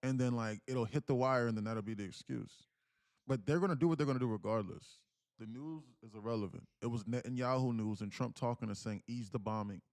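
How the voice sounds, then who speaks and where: A man's voice: medium pitch, brisk. A man hosting a live day-trading stream, talking casually and reading chat messages aloud, with slang and the odd curse. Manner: animated, reads chat aloud, slangy and profane.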